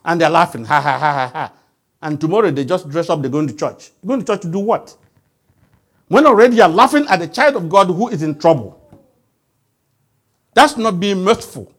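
A man's voice: high voice, a bit bright, husky. A man preaching a sermon, emphatic and quizzing the congregation with call-and-response questions.

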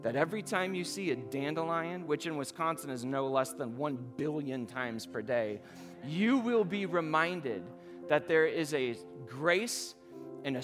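Male pastor, fairly high voice, sermon told as a casual story, builds to earnest passion, soft music bed. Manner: conversational storytelling, rising to fervent emphasis.

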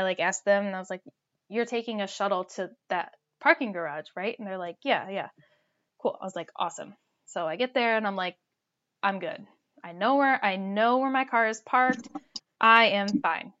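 A young woman telling a personal story in casual chat, animated and full of "like" fillers. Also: mid-range voice. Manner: animated, lots of "like" fillers, laughs while telling. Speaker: storyteller guest. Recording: dull lo-fi sound.

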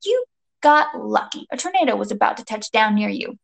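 A woman voicing a brash, confident female laundromat fighter, sarcastic and brisk. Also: fairly high pitch, sing-song, vocal fry, exaggerated voice.

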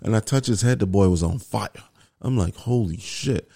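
A young man and father telling a family story in casual chat, slangy and animated, acting out what people said. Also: fairly low pitch, brisk, gravelly, dry recording, studio quality. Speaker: co-host, father.

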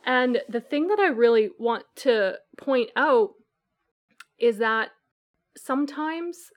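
High-voiced woman coach, earnest. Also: slow pace, dull audio. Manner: earnest, animated, acts out clients' voices. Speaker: guest coach. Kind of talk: podcast interview answer.

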